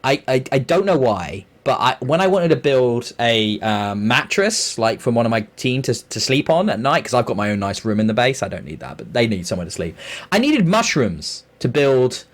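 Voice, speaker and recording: A man's voice: medium pitch, very animated, moderate pace. A man co-hosting a podcast, talking through a game in a loose, rambling way with frequent chuckles. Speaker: podcast co-host. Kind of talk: casual chat.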